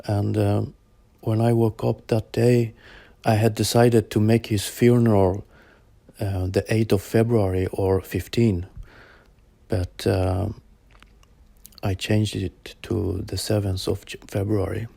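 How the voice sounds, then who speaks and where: Slow, gravelly man recounting a vision. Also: on the low side, level tone, dark tone, no room sound. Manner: slow, halting, searching for words. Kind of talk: personal account told to interviewer.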